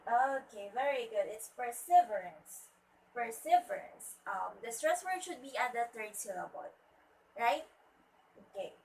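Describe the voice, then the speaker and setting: A woman teacher giving a pronunciation lesson, slowly repeating each word to model its stress. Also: on the high side, animated, vocal fry. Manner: slow and deliberate, repeats words to model stress. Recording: voice from a distance with faint ambience.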